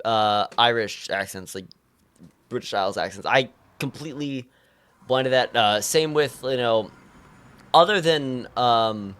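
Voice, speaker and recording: A man's voice: medium pitch, a bit bright. A young man streaming live, chatting casually and rambling with lots of stammered restarts.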